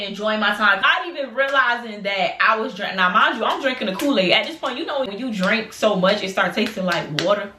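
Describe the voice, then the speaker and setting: Woman telling a story in an echoey room. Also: mid-range voice. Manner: animated, acts out voices in quotes; colloquial, addresses viewers as y'all. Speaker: storytime vlogger. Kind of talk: casual storytelling to camera. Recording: echoey room with background noise.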